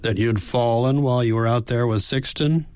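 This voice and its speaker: A man's voice: mid-range voice, steady tone, moderate pace, darkish tone, clear, resonant tone, dry recording, pitched above the performer's own voice, close to an everyday voice. A man voicing a worried young granddaughter. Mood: anxious. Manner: earnest, pleading.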